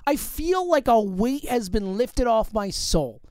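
An emotional young man co-hosting a podcast, gushing and now and then breaking into shouts. His voice leaps around in pitch, and the recording is dry and close. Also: big pitch swings, measured pace, clean tone, dry recording. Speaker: podcast co-host. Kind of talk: excited casual chat.

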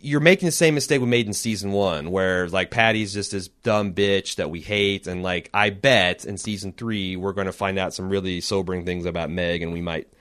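A man with a fairly low voice talks through a story recap in casual podcast chat. He rambles and thinks out loud, dropping swear words freely. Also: moderate pace, hardly any pauses, clear, resonant tone. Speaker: podcast co-host.

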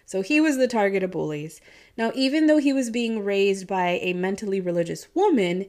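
A woman's voice: mid-range voice, lively intonation, moderate pace, darkish tone. A woman with a Midwestern accent blended with a Southern twang, telling a true-crime story in a chatty, casual way, swearing and laughing often. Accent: Midwestern American with a Southern twang.

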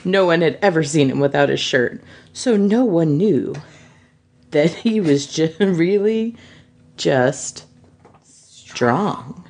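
A woman's voice: sits low, expressive, slow pace, long pauses, darkish tone. A woman co-hosting a podcast, reading fan fiction aloud and often breaking into laughter. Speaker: podcast co-host.

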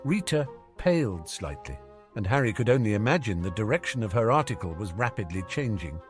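A man with a fairly low voice reads a fan fiction story aloud in a lively, wry manner. His pitch moves a lot as he narrates, with faint music under him. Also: a little fast, slightly rough, dry recording. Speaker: audiobook narrator. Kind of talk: audiobook reading of fan fiction.

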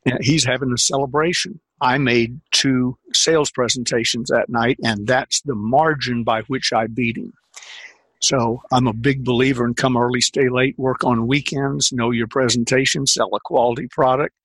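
Older male sales coach, husky, leans hard on key words; dry close sound. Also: mid-range voice, fairly even intonation, fairly bright tone, no room sound. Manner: emphatic, repeats key phrases, drawn-out stresses. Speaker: sales trainer and script consultant. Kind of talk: conversational interview storytelling.

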